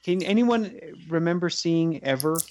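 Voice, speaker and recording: A man co-hosting a casual podcast about movies, animated and quick to act out scenes in funny voices. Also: a little high, a little hiss or hum. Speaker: podcast co-host.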